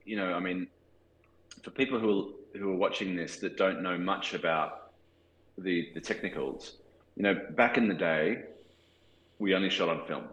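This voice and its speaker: Low-pitched with a fairly bright tone, the forties-aged Australian cinematographer reflects in a casual interview, often restarting and filling pauses. The audio is poor and reverberant.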